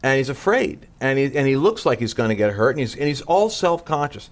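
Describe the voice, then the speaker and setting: A man from the Northeastern US, a guest speaker on a talk show, telling energetic stories and acting out the people he quotes. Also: medium pitch, brisk. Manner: energetic storyteller, acts out quotes, frequent restarts. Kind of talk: animated conversational teaching.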